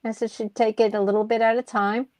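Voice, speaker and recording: A woman's voice: fairly high pitch, flat delivery, dry recording. Dry, close-miked woman telling a story. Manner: unhurried storyteller, fillers and soft laughs. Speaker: crafting YouTuber co-host. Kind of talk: casual chat.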